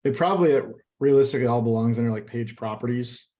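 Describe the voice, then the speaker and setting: A man's voice: medium pitch, fast, mellow. A man on a video call adding thoughts in a loose, rambling way full of "like" and "um". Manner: rambling, filler-heavy. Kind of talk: casual call chat.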